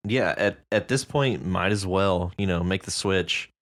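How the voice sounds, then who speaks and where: A woman's voice: rumbling low, unhurried. A woman co-hosting a podcast, chatting casually about submitted stories in an easygoing, reflective way and laughing heartily. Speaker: podcast co-host.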